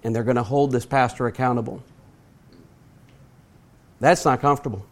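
A middle-aged man preaching a sermon, earnest and emphatic, slowing down to stress his points and putting direct questions to his listeners. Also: mid-range voice, steady tone. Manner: asks the audience direct questions.

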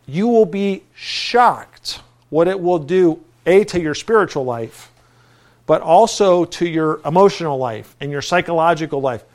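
A man preaching in a conversational style, telling a personal story with lively energy. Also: on the high side.

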